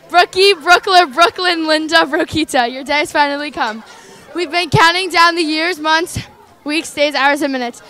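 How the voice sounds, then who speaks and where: A woman's voice: high voice, pushed and bright. A young woman reading an affectionate written toast to a friend. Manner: affectionate, reads from a written note. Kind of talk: reading a heartfelt speech.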